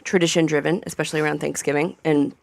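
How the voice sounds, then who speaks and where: Chatty woman chef with a gravelly edge. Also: sits low, steady tone, quick pace, darkish tone. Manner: chatty, rambling with many fillers. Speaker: chef guest. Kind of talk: casual radio panel chat. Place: radio studio.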